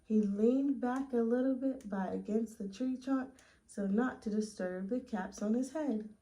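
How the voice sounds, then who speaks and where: Slow, gentle woman reading to children. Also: a little high, poor audio. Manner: gentle, asks listeners questions. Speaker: story time reader. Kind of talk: children's read-aloud.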